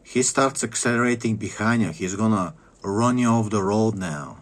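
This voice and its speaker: A man's voice: on the low side, moderate pace. A man delivering an angry, profane vlog rant, bitter and repeating phrases for emphasis. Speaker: vlogger. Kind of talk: angry ranting monologue.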